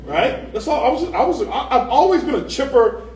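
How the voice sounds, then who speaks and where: A man giving a lively motivational seminar talk, telling stories and joking with a live audience. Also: very high-pitched, fairly quick. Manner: animated storyteller, jokes with the crowd, asks for hands. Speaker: motivational speaker on stage. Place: large event hall. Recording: echoey hall, distant mic.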